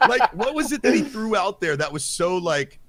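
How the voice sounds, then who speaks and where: Animated man chatting on a podcast. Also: high voice, moderate pace, no echo. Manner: animated, acts out quotes with lively swings. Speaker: podcast co-host. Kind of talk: casual chat.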